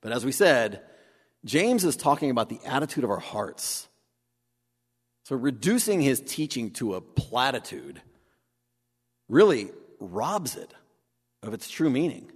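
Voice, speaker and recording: A man preaching a sermon, animated, acting out the voices he quotes. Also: mid-range voice, unhurried, long pauses, breathy edge. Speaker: pastor. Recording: long hall reverb.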